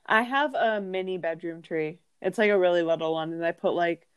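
A woman's voice: fairly low pitch, fairly quick, smooth, no echo, muffled recording. A young woman in casual chat, telling stories with lots of fillers. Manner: chatty storytelling with many fillers.

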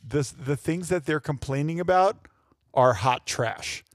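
A man's voice: fairly high pitch, unhurried, no echo. A man co-hosting a podcast, chatting casually with dry teasing remarks. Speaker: podcast co-host. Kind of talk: casual chat.

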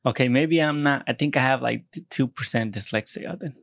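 A man's voice: mid-range voice, a little fast, creaky, dry recording. A young American man in casual podcast chat, rambling and self-deprecating, swearing often and restarting his sentences. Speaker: podcast co-host.

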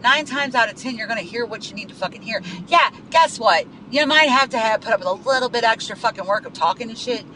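A man's voice: sits high, noisy background. A man hosting a podcast, venting in a heated, profane monologue from his car and repeating himself as he goes. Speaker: podcast host.

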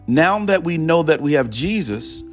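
A man's voice: on the high side, animated, normal speed, soft background music. A man preaching in a conversational storytelling style, often repeating "he said" as he goes. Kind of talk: storytelling sermon.

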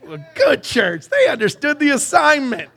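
High, bright-voiced man preaching live. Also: moderate pace. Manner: lively, banters with the congregation and sings song snippets. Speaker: pastor. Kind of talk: live sermon. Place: church sanctuary.

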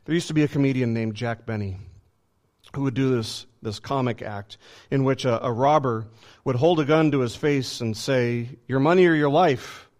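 A man's voice: mid-range voice, moderate pace, a little mellow. A man preaching a sermon with emphasis, often repeating words as he builds a point.

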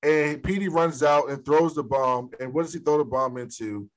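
A man's voice: on the high side, normal speed. A man co-hosting a podcast, casually recapping a film scene by scene with frequent laughter and swearing. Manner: laughing, profane storytelling. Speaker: podcast co-host. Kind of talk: casual movie recap chat.

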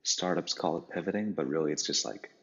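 Creaky-voiced deep man, dull echoey line. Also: brisk, a bit bright. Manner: rambling, lots of fillers. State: voice getting creaky. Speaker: podcast guest. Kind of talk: casual interview. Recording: dull line with long reverb.

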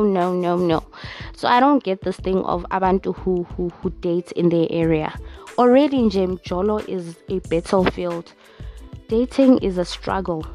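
A woman's voice: mid-range voice, warm tone. A young South African woman hosting a solo podcast, ranting bluntly and sassily with lots of swearing. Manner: blunt, profane, sassy. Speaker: podcast host. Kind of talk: casual solo rant.

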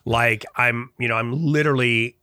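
A man's voice: mid-range voice, normal speed, no room sound, studio quality. A middle-aged man from Chicago telling a long story in casual conversation, acting out the voices of people he quotes. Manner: animated, acts out quoted dialogue. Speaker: guest.

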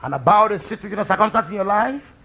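A man preaching a fervent sermon, swinging from quiet speech to loud cries. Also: animated, quick pace. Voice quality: high, gravelly and husky, with shouted peaks. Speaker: pastor.

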